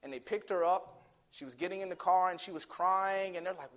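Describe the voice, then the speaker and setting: A man preaching a sermon, dramatic, swinging from loud declaiming to hushed near-whisper, telling stories with acted voices. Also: high-pitched, fairly quick.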